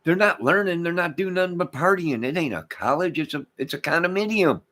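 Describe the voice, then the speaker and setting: A man's voice: a little high, expressive, a little fast, noisy background. Man ranting in a rambling monologue. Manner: emphatic, repetitive, swings between loud declarations and muttered asides. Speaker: channel host. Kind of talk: rambling rant to camera.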